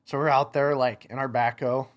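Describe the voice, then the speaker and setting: An animated young American man, a motocross racer appearing as a podcast guest, tells casual stories at a moderate pace in a medium-pitched voice. He laughs as he goes and acts out the quotes.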